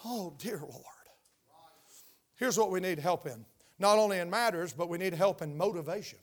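An older man with a high voice preaches a sermon in a church sanctuary, speaking a little fast. As the pastor, he's emphatic and keeps posing questions to his congregation.

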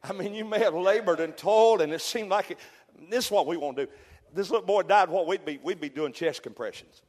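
A middle-aged man preaching a fervent revival sermon, swinging from loud peaks to hushed storytelling. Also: high voice, fairly quick. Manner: fervent, builds to shouted peaks then drops to hushed storytelling. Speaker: pastor. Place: church sanctuary. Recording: long hall reverb.

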